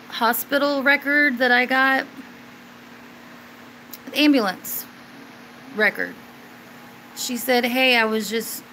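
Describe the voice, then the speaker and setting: Woman host, unhurried casual stream chat, rambling with fillers, faint room hum behind. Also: on the high side, rough recording. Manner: rambling, with many fillers and restarts; gets suddenly excited and loud at times. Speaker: livestream host answering viewers.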